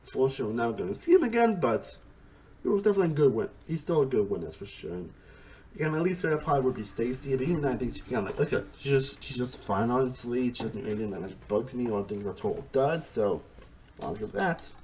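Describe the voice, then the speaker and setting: A man talks through his opinions in a loose, casual review, with a lively voice that rises and falls a lot. He rambles and restarts sentences, and keeps coming back to "honestly" and "again.". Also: medium pitch, fast talker, a little hiss or hum. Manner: restarts sentences mid-thought. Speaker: TV show reviewer.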